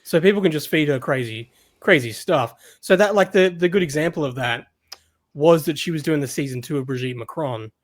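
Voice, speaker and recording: Guest, Australian man, fairly high voice, hesitant and loose. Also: fairly quick. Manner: hesitant, many ums and restarts. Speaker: guest content creator. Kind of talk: casual interview.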